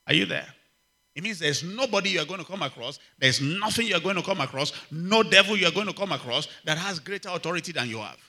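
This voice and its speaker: A man preaching a sermon, emphatic and repetitive, calling out to the congregation and swinging from loud exclamations to quiet asides. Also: fairly high pitch, expressive, fast talker. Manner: emphatic, repeats key phrases, asks the congregation for response. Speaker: pastor.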